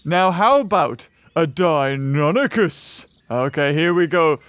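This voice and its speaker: A man giving excitable gameplay commentary, laughing and yelping at the on-screen action. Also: a little high, no echo. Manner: shrieks and laughs at the action, fast chatter. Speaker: gaming YouTuber.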